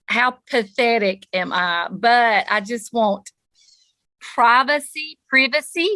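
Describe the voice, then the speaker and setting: A woman's voice: mid-range voice, takes it slowly, pushed and bright, dry recording. A woman with a Southern US accent co-hosting a podcast from an outdoor porch, chatting in a rambling, self-mocking way. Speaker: podcast co-host, school counselor. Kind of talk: casual chat.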